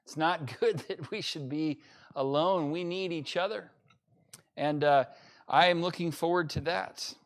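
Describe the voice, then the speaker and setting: Pastor guy preaching hard to a livestream, kinda high voice, lots of uhs. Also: measured pace. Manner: emphatic preaching with fillers and repeated phrases. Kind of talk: sermon. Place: church during livestream-only service.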